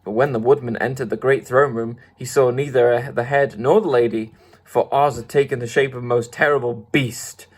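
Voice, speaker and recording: A man reading a classic storybook aloud in a steady way, with small restarts. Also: medium pitch, fairly quick, breathy edge. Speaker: audiobook reader.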